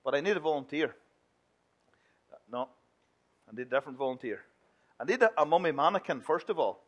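A man's voice: on the high side, lively intonation, a little fast, highs cut off. A man leading a playful children's talk in church. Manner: playful and chatty, mimicking whiny children.

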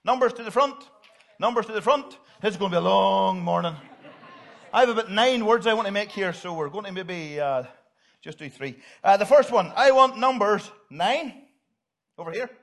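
A man's voice: sits high, animated, normal speed, gravelly, fairly bright tone. A middle-aged man, giving a jokey, upbeat children's talk in church and directing volunteers. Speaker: pastor.

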